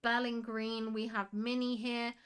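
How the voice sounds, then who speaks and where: A woman's voice: on the high side, little pitch movement, moderate pace, smooth. A young woman hosting a casual livestream, reading chat and gushing over screenshots with frequent giggles. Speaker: livestream host.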